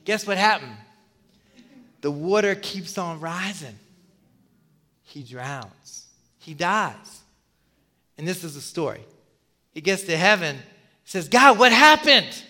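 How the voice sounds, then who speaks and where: A male pastor giving a sermon in a conversational, animated way, telling a story with many asides. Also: on the high side, slow, long pauses, big-room sound.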